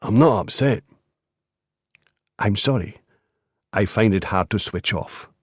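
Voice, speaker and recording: An earnest male lawyer, principled and careful with his words, voiced by a man reading the story. His tone is low, and the recording is close and dry. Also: slow, husky, dry recording.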